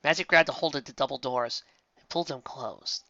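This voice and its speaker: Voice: mid-range voice, fairly quick, sharp tone, dry recording. An audiobook reader expressively reading fan fiction aloud, with occasional slips, on a slightly dull, dry recording.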